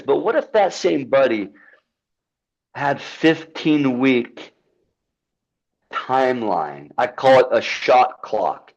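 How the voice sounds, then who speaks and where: A filmmaker, interviewed as a podcast guest, talks earnestly and emphatically about a film he made and about holding yourself accountable, in a motivational vein. His medium-pitched voice is animated but slow, with frequent pauses. The recording is muffled.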